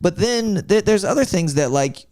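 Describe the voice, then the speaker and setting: Lively higher-voiced man telling stories. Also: normal speed, no echo, studio quality. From Florida, USA. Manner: animated storyteller, swears freely, acts out others' voices. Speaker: guest comedian. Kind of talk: casual podcast chat.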